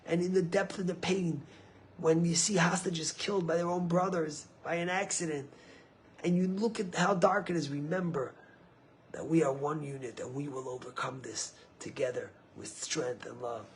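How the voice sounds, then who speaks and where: A man speaking as a rabbi, giving a sermon with stories, swinging from low, quiet phrases to high, emphatic peaks. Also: steady tone, normal speed, a little hiss or hum. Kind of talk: sermon with storytelling.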